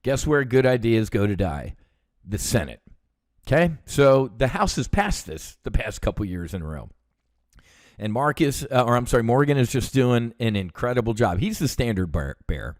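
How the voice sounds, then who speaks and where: A man's voice: mid-range voice, big pitch swings, moderate pace, darkish tone, dry recording, studio quality. A veteran man hosting a show, telling a story in a casual, heated monologue full of fillers and swearing. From United States. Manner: heated, profane ranting with many fillers. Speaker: podcast host, veteran.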